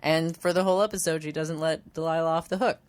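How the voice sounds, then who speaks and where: A woman co-hosting a podcast, recapping a show in relaxed, giggly casual chat. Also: sits low, fast talker. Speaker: podcast co-host.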